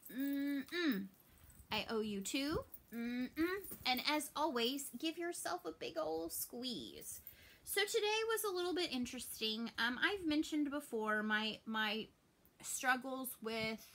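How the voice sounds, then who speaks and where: A woman in her thirties with a Southern American accent, chatting casually to camera in her cross stitch vlog from home, open and chatty, trailing off softly when sad. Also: a little high.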